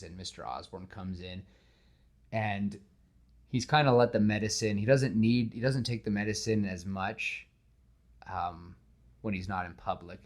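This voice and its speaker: Guy hosting a podcast, chatty, gets really animated telling the story. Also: fairly low pitch, unhurried, long pauses. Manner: animated storytelling, acts out scenes. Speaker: podcast host. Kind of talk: casual chat.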